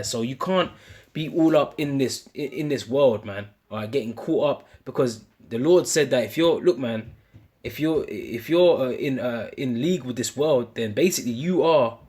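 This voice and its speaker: Husky British man preaching casually. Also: medium pitch, darkish tone. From United Kingdom. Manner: casual slang, ends phrases with "man", many restarts. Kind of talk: informal street-style sermon.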